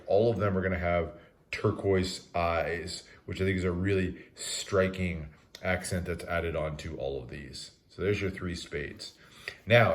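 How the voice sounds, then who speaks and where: Deep-voiced man reviewing a card deck. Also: a little hiss or hum. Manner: relaxed, methodical, frequent "uh" fillers. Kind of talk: casual product review narration.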